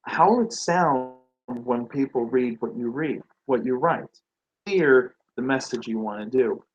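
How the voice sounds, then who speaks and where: A man's voice: medium pitch, takes it slowly, lo-fi sound. A man giving a motivational talk on branding and sales, asking the listener rhetorical questions and acting out quoted reactions. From Nordic.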